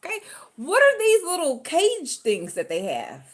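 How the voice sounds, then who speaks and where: Woman, high voice, swinging pitch, animated casual storyteller. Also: unhurried. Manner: animated, dramatic, acts out voices in her story. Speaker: storyteller vlogger.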